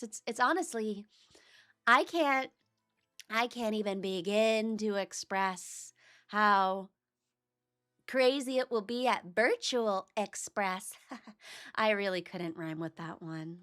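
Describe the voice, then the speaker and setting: A woman's voice: mid-range voice, fairly bright tone. A woman streamer chatting casually on a livestream, talking to herself as she searches for files. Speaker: VTuber streamer.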